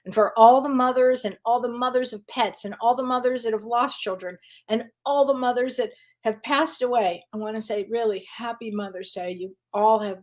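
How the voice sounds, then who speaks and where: A chatty woman hosting a casual livestream, her voice sitting a bit high. She greets her viewers one by one and breaks into easy laughter as she talks. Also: fairly even intonation, moderate pace. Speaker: spiritual medium and psychotherapist hosting a live Q&A.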